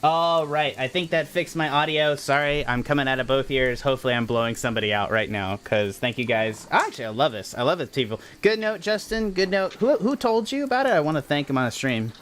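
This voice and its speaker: A man's voice: on the high side, lively intonation, brisk, hardly any pauses, fairly bright tone. Guy game mastering a stream, chatty and rambly, keeps apologizing and restarting, bit of faint hiss behind him. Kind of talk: casual live-stream game narration.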